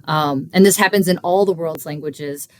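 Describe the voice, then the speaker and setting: Teacherly woman explaining in a low voice. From Kentucky. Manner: teacherly, measured, frequent um and uh fillers. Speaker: linguistics researcher guest. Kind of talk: explanatory interview talk.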